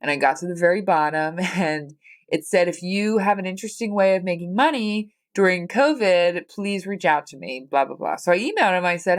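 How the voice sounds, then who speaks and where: Woman, 30s, American accent, solo podcast host; slightly low voice, candid, rambling, teary with a stuffy nose. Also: brisk. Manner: candid, rambling, swears casually. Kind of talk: personal solo podcast chat.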